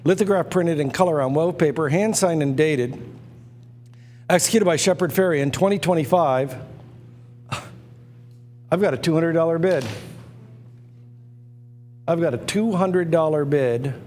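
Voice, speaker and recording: Male livestream auctioneer, slightly high voice, hard-selling patter full of restarts. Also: a little slow, long pauses, darkish tone, slight background noise. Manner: repetitive, pushy salesman patter with stammered restarts. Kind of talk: live online auction sales pitch. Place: indoors at a computer.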